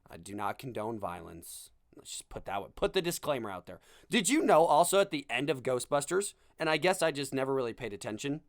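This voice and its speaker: A man's voice: medium pitch, no room sound, studio quality. A young man hosting a podcast, delivering a sarcastic comedic rant with self-deprecating asides. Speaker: podcast host. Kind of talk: comedic monologue.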